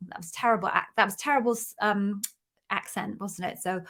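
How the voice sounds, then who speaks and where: A woman's voice: mid-range voice, steady tone, brisk, fairly bright tone. A woman from the UK hosting a live Q&A stream, chatty and bubbly, greeting viewers by name in a casual way. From United Kingdom. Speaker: interview coach hosting a live Q&A. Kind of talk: casual livestream chat.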